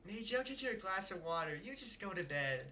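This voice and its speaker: A man voicing a gentle, caring mother of a teenager in a soft, soothing tone, while reading a visual novel aloud. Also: sits high, very animated, fairly quick, slight background noise, exaggerated voice.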